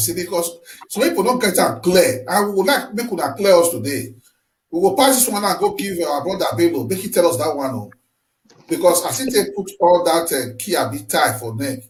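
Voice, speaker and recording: Animated high-voiced Nigerian Pidgin-speaking host. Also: male voice, brisk, echoey room, rough recording. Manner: animated, stretched-out questioning. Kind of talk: interview questions.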